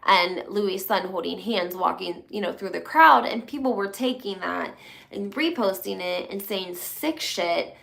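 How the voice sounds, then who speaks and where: Chatty woman with a gravelly edge. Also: mid-range voice, unhurried, fairly bright tone. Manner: chatty, rambling, many fillers. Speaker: host. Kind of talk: casual reality TV gossip chat.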